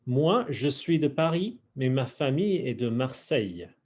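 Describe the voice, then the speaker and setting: A man teaching an online French class, saying y'all and slowly drilling each phrase for his students. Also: medium pitch, very animated, a little mellow, breathy edge. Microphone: video call.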